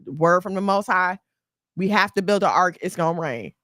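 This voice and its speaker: A woman voicing an earnest devout husband who speaks low and steady. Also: normal speed, dry recording, studio quality. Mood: insistent.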